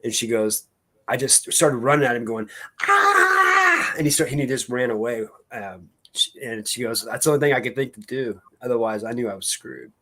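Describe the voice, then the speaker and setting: Man, casual live-stream co-host, rambling storyteller, average pitch. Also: steady tone, brisk, a bit bright. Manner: rambling storyteller with many fillers and restarts.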